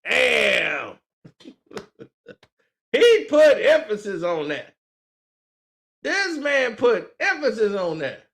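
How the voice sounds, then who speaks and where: A man's voice: very high-pitched, sing-song, extremely slow, vocal fry, long pauses, a bit bright. A man streaming casual reaction commentary, mocking what he reads, swearing freely and laughing often.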